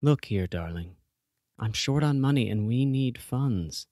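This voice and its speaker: A man's voice: medium pitch, animated, measured pace, dark tone, no echo, clean studio sound, natural voice. A man putting on a cold, coaxing mother. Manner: syrupy, coaxing, calls everyone darling. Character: manipulative, cold middle-aged mother, woman.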